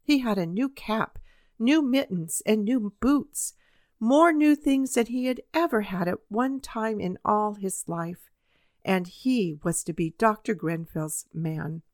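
A woman narrating a children's story in an even, measured reading voice. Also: fairly high pitch, no echo, clean studio sound. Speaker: audiobook reader.

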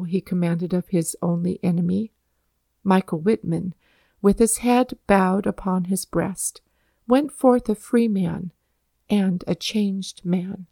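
A woman narrating a historical storybook in a calm, measured reading voice. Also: medium pitch, creaky, dry recording.

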